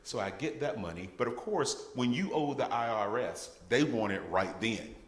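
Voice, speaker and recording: A man's voice: medium pitch, animated, moderate pace. A man giving a guest testimony at a church service, telling his story with humor and laughter. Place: church sanctuary. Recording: echoey church hall.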